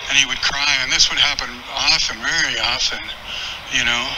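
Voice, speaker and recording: A man speaking at a memorial, reminiscing earnestly in a halting way with many restarts. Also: medium pitch, fairly even intonation, very noisy. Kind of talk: memorial tribute talk.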